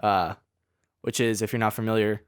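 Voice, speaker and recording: Low-voiced joking young man. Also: level tone, normal speed, clean tone, no room sound, studio quality. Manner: jokey, teasing, laughs while talking. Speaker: podcast co-host. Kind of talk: casual chat.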